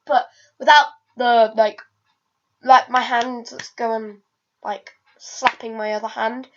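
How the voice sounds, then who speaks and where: A woman's fairly high voice comes through a dull, lo-fi recording. She rambles through a casual vlog and keeps stopping to restart her sentences, with plenty of ums and uhs in between. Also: flat delivery, slow pace, fairly bright tone. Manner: rambling, hesitant, many restarts and fillers. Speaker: vlogger.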